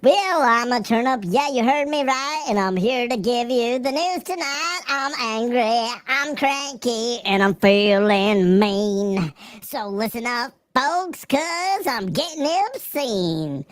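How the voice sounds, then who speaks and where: Woman doing a bitter angry turnip, sing-song rhyming rant, lively pitch swings, dry close sound. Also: takes it slowly, no echo. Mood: grumpy sing-song. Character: angry, cranky, spiteful talking turnip. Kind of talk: improvised comic song.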